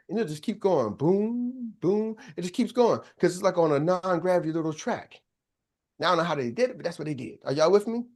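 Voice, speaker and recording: An older man giving a motivational business coaching talk, emphatic and preacher-like, often checking in with his listeners. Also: sits high.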